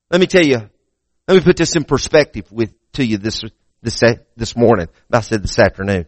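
A man's voice: mid-range voice, animated, moderate pace, no room sound. A male pastor preaching a sermon in a church, emphatic, repeating words as he restarts and building to raised peaks.

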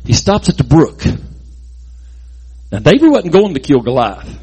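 A man telling a Bible story in a lively, folksy way, adding sound effects and jokes. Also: a little high, unhurried, slightly rough.

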